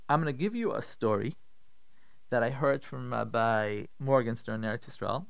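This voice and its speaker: A man giving a radio Torah talk as a rabbi, conversational and animated, acting out voices in his stories. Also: medium pitch, normal speed, creaky, no echo, clean studio sound. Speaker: rabbi, radio show host.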